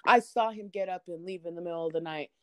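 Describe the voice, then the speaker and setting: A woman's voice: fairly low pitch, fast, a little mellow, dry recording, lightly acted. A woman voicing her angry, jealous old grandmother, ranting and accusing.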